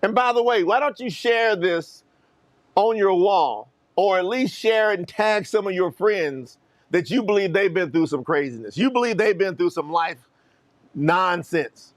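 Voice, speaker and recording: A middle-aged man from Kentucky, telling a personal story to online viewers as a motivational speaker, animated and talking straight to his audience. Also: high voice, measured pace.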